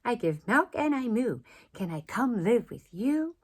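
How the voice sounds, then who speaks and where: A timid young cow from a picture book, as a woman reads her aloud. She sounds sweet and a little forlorn, with soft breath in her voice. Her unhurried lines swoop up and down in pitch. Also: big pitch swings, husky, exaggerated voice. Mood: hopeful. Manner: sweet, plaintive and hopeful.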